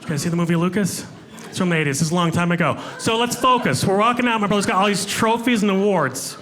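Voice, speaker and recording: High-voiced stand-up comedian man. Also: fast, fairly bright tone. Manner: self-deprecating, chatty with the crowd. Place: comedy club stage with a live audience. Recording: live room with audible crowd ambience.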